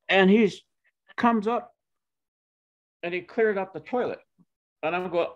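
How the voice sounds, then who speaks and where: A man's voice: sits high, sing-song, slow, pauses often, dull audio. A man in his seventies from Oklahoma, telling his life story in a rambling, heartfelt way with many restarts. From Oklahoma, USA. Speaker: interviewee.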